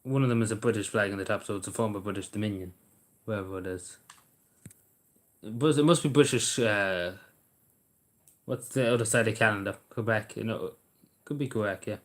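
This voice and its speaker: A man's voice: lowish voice, brisk, long pauses. An Irish man hosting a live stream, chatting casually in a blunt, rambling way and swearing freely, recorded on a camera mic indoors. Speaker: livestream host. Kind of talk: casual chat to a live audience.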